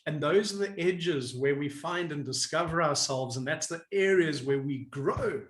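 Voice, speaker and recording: High-voiced man coaching in a roomy echo. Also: normal speed. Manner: lively, laughs often, acts out inner voices. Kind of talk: animated interview answers.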